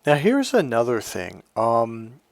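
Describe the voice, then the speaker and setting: A man's voice: medium pitch, wildly swooping pitch, takes it slowly, gravelly, no echo. A man coaching on relationships, talking candidly in a casual monologue and acting out what other people said to him.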